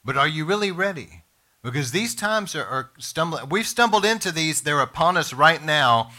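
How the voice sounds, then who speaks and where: Man, pastor, sermon, emphatic, slightly high voice, very bright tone. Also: expressive. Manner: emphatic, slows down to stress words; addresses congregation and podcast listeners directly.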